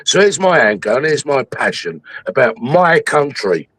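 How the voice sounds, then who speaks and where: A man's voice: medium pitch, sing-song, normal speed, a bit bright, breathy edge, no echo, poor audio. A man hosting a livestream, ranting angrily with heavy swearing about politics. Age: 60s. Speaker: livestream host. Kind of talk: heated political chat.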